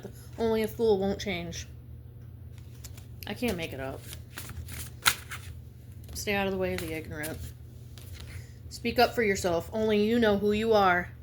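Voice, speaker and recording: A woman giving a spiritual reading in a blunt, fervent way, halting often to restart her sentences. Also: medium pitch, expressive, slight background noise. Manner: emphatic, halting with many restarts; blunt and fervent, slips into slang. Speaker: intuitive reader.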